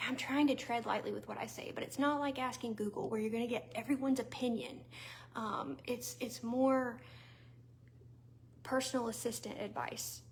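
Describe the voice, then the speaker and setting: A woman's voice: fairly high pitch, creaky, slight background noise. A woman with a Southern US accent talking casually to viewers, chatty and conversational, with fillers and little laughs. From Southern United States. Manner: talks straight to viewers. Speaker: vlogger and small business owner. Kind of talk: casual talk to camera.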